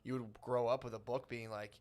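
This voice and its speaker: Fast-talking man rambling on a podcast. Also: mid-range voice, flat delivery, a little mellow. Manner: rapid, rambling, crude storytelling. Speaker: podcast co-host. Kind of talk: casual chat.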